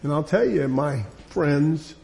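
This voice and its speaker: Slow, high-voiced preaching man. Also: gravelly, mellow. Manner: emphatic, repetitive preaching with rising insistent lines. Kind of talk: sermon.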